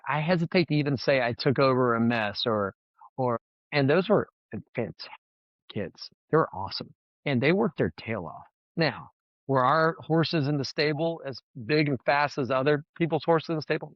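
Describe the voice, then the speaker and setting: A man's voice: mid-range voice, lively intonation, moderate pace, dry recording, dull audio. A man, a former college baseball head coach, telling stories in a podcast interview in an earnest, emotional way, often repeating words as he goes.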